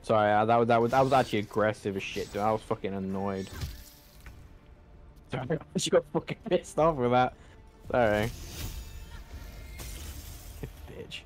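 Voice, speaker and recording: A man's voice: on the low side, faint music behind. Sweary man playing a video game. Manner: blunt, sweary, quick to anger and laugh it off. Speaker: gameplay streamer. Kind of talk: casual swearing game commentary.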